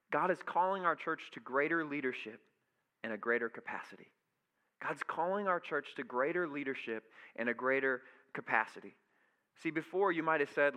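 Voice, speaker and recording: A man's voice: a little high, pushed and bright. A young adult man preaching a conversational sermon to his church, telling stories and acting out what people think and say. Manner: casual storytelling, acts out quoted thoughts. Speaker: pastor. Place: church sanctuary. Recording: echoey hall reverb.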